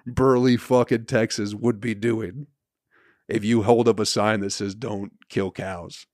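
A man's voice: fairly low pitch, unhurried, no room sound, studio quality. Profane man ranting on a podcast. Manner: swearing, animated storytelling with laughs. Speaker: podcast host. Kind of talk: profane comedic rant.

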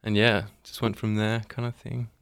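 A man's voice: lowish voice, level tone, moderate pace, gravelly, fairly bright tone, clear, resonant tone, no echo, clean studio sound. A man with an Australian accent, a musician guest on a radio show, talking in a laid-back, hesitant way with many ums. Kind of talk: casual radio interview. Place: radio studio.

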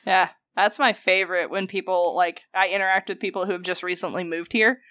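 A woman's voice: on the low side, steady tone, a little fast, sharp tone, no room sound. Southern-accented woman podcast co-host, easygoing and wry, dry close mic. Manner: laid-back, dry humor, laughs often. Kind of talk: casual chat.

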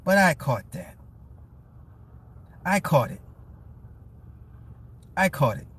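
A man's voice: on the high side, very animated, slow, fairly bright tone, slightly rough. A man casually ranting to his live chat, teasing and profane, laughing often as he mocks someone. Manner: mocking, petty storytelling. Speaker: live-stream commentator.

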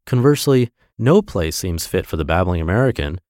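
A man hosting a podcast, reading essays aloud in a measured, expressive narration. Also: low-pitched, no echo, studio quality. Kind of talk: scripted narration.

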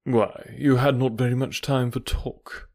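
An easygoing adult male naturalist who sounds unconcerned but stays guarded, voiced by a man narrating an audiobook. He talks in a mid-pitched, everyday voice. The recording is dry and close. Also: little pitch movement, a little slow, darkish tone, no echo. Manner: easy, unconcerned chatter. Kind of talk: audiobook character voice.

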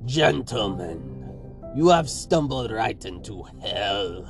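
A man voicing a menacing Russian-accented commander who mocks his enemies in a slow, sinister, gloating way in an audio story. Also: fairly low pitch, lively intonation, faint music behind. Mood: gloating menace.

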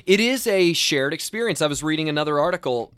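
A man's voice: a little high, animated, fast talker, a bit bright, smooth, no echo, clean studio sound. A young man in his twenties hosting a casual chat, talking with enthusiasm and often restarting his sentences. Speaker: host.

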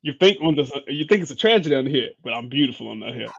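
A man co-hosting a podcast in casual chat, slangy and quick, with a deadpan way of telling stories. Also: medium pitch, vocal fry, slightly rough, muffled recording. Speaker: podcast co-host.

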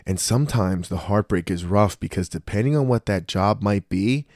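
Animated, swearing podcast co-host man. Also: on the low side, normal speed, dry recording, studio quality. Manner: animated storyteller, acts out quotes, swears often. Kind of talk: casual chat.

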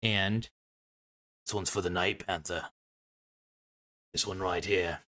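Low-voiced guy hosting his own show, goofy and self-mocking, rambling all over. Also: steady tone, slow pace, sharp tone. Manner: goofy, self-mocking, jumps between topics. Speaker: host of an online show. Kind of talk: rambling casual sign-off.

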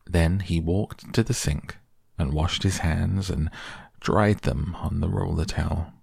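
A man hosting a sleep podcast, reading bedtime stories in a soft, slow, soothing way. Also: sits low, gravelly, slightly rough, no room sound, studio quality. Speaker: podcast host and audiobook reader. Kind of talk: softly spoken bedtime story reading.

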